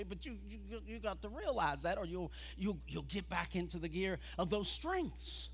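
A man preaching a fiery revival sermon as an evangelist, building from quiet talk to shouted preaching. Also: high-pitched, animated, moderate pace, few pauses, breathy edge.

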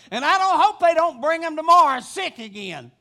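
A man preaching a sermon with passion, rising to shouting, his voice breaking into a cry at the peaks. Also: extremely high pitch, sing-song, a little slow. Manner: impassioned preaching that rises to shouting.

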